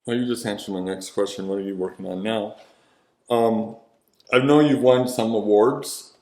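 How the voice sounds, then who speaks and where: A man's voice: lowish voice, steady tone, normal speed, dark tone. A man hosting an interview, asking easygoing follow-up questions. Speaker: interview host. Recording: roomy echo.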